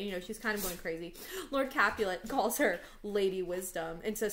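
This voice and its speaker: A woman's voice: mid-range voice, moderate pace. A woman English teacher giving a casual online lesson at home, chatty and peppered with "like". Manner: chatty, fills speech with "like".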